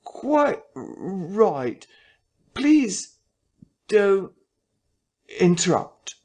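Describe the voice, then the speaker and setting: A man reading a story aloud, voicing a flustered middle-aged vicar whose voice jerks and climbs high. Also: sing-song, extremely slow, warm tone, heavily acted. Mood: strained. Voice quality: jerky, rising, high-pitched.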